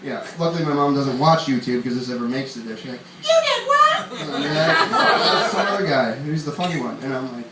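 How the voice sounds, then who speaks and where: A man's voice: mid-range voice, quick pace, hardly any pauses, over a noisy crowd. A young man from upstate New York doing a stand-up comedy set on a club stage, rambling and chuckling at his own jokes. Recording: roomy club sound, far from mic, audience noise.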